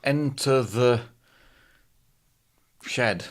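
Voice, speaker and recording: A man's voice: medium pitch, drawn-out words. A man co-hosting a casual podcast chat, throwing in dry joking asides. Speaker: podcast co-host.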